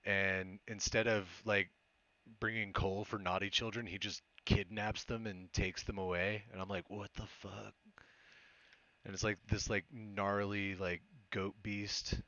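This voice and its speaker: A man's voice: on the low side, flat delivery, a little slow, sharp tone, no room sound, lo-fi sound. A young man casually commenting on a game he is playing live, joking around and swearing freely. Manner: laid-back, joking, swears, frequent laughs. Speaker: streamer.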